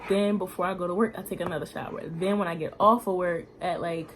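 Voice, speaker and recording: A woman's voice: on the low side, fairly even intonation, quick pace, a little hiss or hum. A young woman talking casually in a home vlog, filling her speech with "like" and "y'all". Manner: chatty, frequent "like" and "y'all" fillers. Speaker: vlogger.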